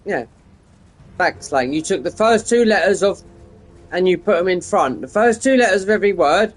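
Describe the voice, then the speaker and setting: A man's voice: high-pitched, lively intonation, normal speed. A man, chatting casually and meandering while streaming a game. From United Kingdom. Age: 50s. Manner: meandering, digressive, frequent restarts. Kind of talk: casual rambling chat while gaming.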